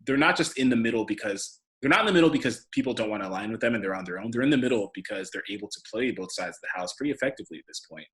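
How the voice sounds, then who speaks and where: A man co-hosting a podcast, chatting casually in a relaxed, conversational way. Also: fairly low pitch, rapid-fire, hardly any pauses. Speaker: podcast co-host. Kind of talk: casual recap chat.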